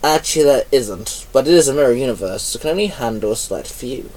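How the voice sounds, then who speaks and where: A sly schemer with a devilish streak , played by a man reading aloud, lays out his plan in an easy, explaining way. The voice sits at a middling pitch. It's recorded a little away from the mic. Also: animated, fast talker, darkish tone, lightly acted. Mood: scheming. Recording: voice a bit far from mic.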